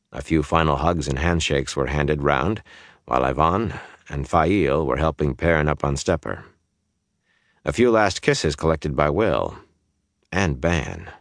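A man reading a fantasy novel aloud as an audiobook narrator, in a measured, even way. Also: a bass voice, dry recording, studio quality. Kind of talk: scripted narration.

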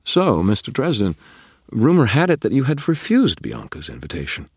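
A silky, mock-polite young vampire aristocrat, as a man puts him on for an audiobook. He purrs his courtesies, with a husky grain under the raised voice, recorded close and dry. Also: mid-range voice, huge pitch swings, moderate pace, no echo, pitched above the performer's own voice, full character voice. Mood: playful probing. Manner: genteel, purring and mock-polite. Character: suave, cheerful young male vampire aristocrat. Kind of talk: audiobook character voice.

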